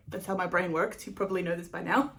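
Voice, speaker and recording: A woman's voice: fairly low pitch, steady tone, fairly quick, fairly bright tone, slight background noise. A woman hosting a knitting podcast in a casual, rambling chat, laughing often and swearing now and then. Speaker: podcast host.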